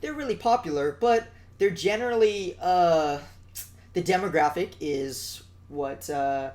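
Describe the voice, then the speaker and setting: A man's voice: high-pitched, a little slow, darkish tone. A man co-hosting a casual podcast chat, earnest and rambling, with lots of fillers and restarts. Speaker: podcast co-host.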